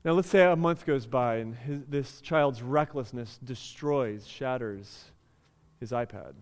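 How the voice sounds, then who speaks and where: A man's voice: medium pitch, unhurried. A male pastor preaching a sermon, telling a story and building to emphatic, raised passages. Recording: long reverb in a large hall.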